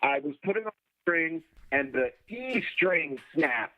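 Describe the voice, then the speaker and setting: A man with a fairly high voice recounts a story as a guest and playfully acts out the people in it. His voice comes through a narrow, tinny remote line, like a phone call. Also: big pitch swings, measured pace, crowd noise. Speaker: guest musician. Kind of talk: casual storytelling interview.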